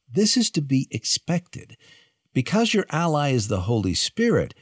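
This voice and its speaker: A man's voice: on the low side, breathy edge, dry recording. A man introducing a Christian radio program in a scripted, conversational way. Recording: dry studio with soft music.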